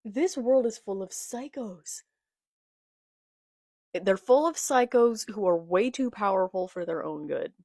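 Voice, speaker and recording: A young manga reaction vlogger reads comic dialogue aloud in a casual video, stopping between lines to comment. Her medium-pitched voice is animated, measured and darkish in tone; the audio is clean and studio-like with no room sound, though it's filmed on a phone in portrait.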